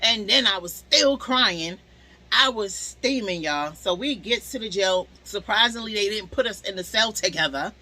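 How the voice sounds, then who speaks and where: A young woman telling a storytime to her viewers in a casual, animated way, swearing freely. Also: mid-range voice, moderate pace, low-quality recording.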